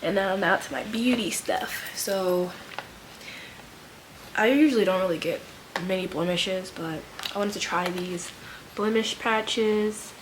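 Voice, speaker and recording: Casting: woman, mid-pitch, stuffy and nasal from a cold, loose rambling haul-vlog delivery, noticeable background hiss. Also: unhurried. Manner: rambling, filler-heavy, laid-back. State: stuffy nose. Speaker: vlogger, full-time nurse. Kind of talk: casual haul chat.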